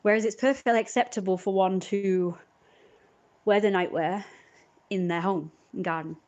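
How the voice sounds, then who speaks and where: A woman's voice: medium pitch, steady tone, normal speed, a little mellow, lo-fi sound. A woman on a live stream, telling a long rambling story in an indignant tone.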